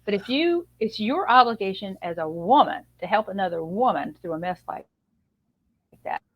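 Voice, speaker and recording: A woman guest, an image consultant and author, telling a lively personal story on a video call. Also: medium pitch, normal speed, highs cut off. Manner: chatty, animated storyteller with a laugh.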